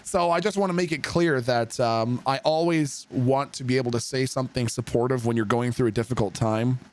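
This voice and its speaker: A man livestreaming and chatting casually with viewers, swearing freely and swinging between heated rants and soft, supportive asides. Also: mid-range voice, brisk. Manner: profane, emphatic, swings from ranting to soft. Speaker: livestreamer reading chat.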